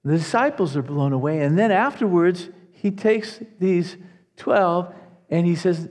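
High-voiced man preaching in a reverberant hall. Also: a little slow. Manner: earnest, animated preaching with repeated restarts. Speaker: pastor. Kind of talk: sermon.

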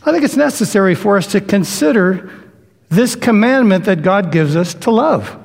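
A man's voice: high-pitched, expressive, normal speed, vocal fry. A man preaching a sermon in a conversational way, acting out the voices he quotes. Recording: long hall reverb.

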